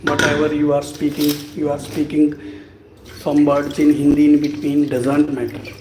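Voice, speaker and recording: A man giving a live-stream lesson, talking slowly and deliberately to encourage learners. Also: fairly high pitch, completely flat delivery. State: sweating from the heat. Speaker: English speaking teacher. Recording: echoey room with background noise.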